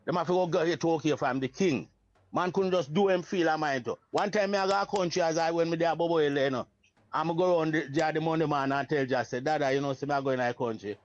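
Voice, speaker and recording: A Jamaican man speaks as a Rastafari priest, high in pitch and full of animated emphasis. His talk is casual reasoning in patois. The sound is muffled and close, with no room echo. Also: a little fast.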